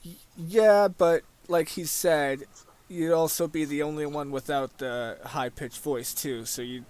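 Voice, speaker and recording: An eager man chatting on a podcast, with a voice a little higher than most men's. He reacts with quick enthusiasm and thinks out loud in loose, casual sentences, swearing now and then. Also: fairly even intonation, clear, resonant tone, no echo. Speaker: podcast co-host. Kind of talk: casual chat.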